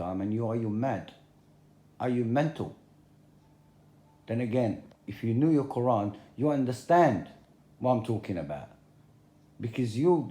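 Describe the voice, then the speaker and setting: A man's voice: medium pitch, dark tone, echoey room. A man talking straight to his viewers in a confrontational, repetitive rant, using plain, common speech. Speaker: video blogger. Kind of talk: direct-to-camera religious rant.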